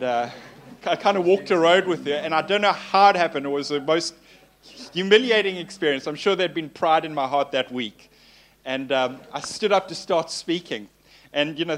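A man's voice: a little high, a bit bright. A male pastor preaching in a conversational way, telling personal stories with a self-deprecating tone and frequent fillers.

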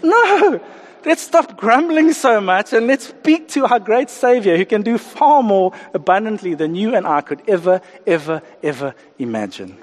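A man preaching a sermon, animated, acting out the voices of the people he talks about. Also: high voice, normal speed, hardly any pauses, in a large hall. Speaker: pastor.

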